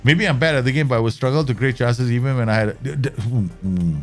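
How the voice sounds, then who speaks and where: A male streamer with a gravelly, creaky voice talks casually to his live viewers while he plays a management game. He jokes, laughs and rants in mock anger at his digital players, and faint music sits behind him. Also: medium pitch, fast. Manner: chatty, joking, talks to viewers. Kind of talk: casual livestream chat.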